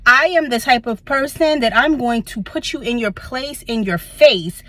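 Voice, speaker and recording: A woman's voice: a little high, moderate pace, no echo. A woman with a Brooklyn accent telling a workplace story in a casual vlog, sassy and blunt, swearing freely. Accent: Brooklyn, New York. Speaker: vlogger. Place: car in a parking lot.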